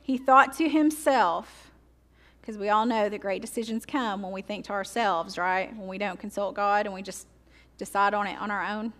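A woman teaching pastor delivering a sermon, slowing down to read scripture aloud and adding joking asides and rhetorical questions. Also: medium pitch, fairly bright tone. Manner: reads scripture slowly and deliberately.

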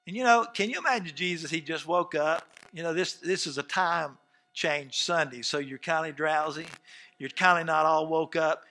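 High bright-voiced preacher. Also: male voice, normal speed. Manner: swings from soft asides to shouted outbursts; acts out quoted dialogue in scenes. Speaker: pastor. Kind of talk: sermon.

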